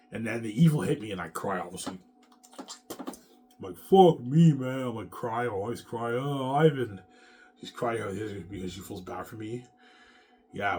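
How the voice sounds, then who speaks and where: A man's voice: lowish voice, a little hiss or hum. A man hosting his own channel, ranting to the camera in an agitated, profane, repetitive way. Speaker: channel host.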